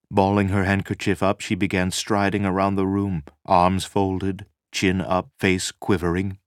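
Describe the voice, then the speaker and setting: Deep voiced guy narrating a book, dry close sound, steady dramatic read. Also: a little slow, few pauses, dry recording. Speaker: audiobook narrator. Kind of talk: scripted narration.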